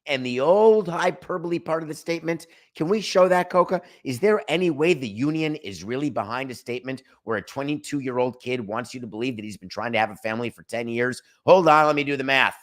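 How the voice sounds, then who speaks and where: A man's voice: mid-range voice, a little fast, few pauses. A middle-aged man hosting a sports talk show, ranting in an opinionated, sarcastic monologue. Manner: sarcastic, emphatic, rants with mock quotes.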